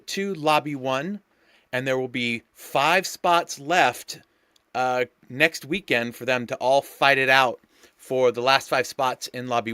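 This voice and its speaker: A man hosts a live sim-racing stream as race host and commentator, chatty, loose, hyped up and full of fillers as he talks to viewers. His voice is medium-pitched and fairly bright, with no room sound.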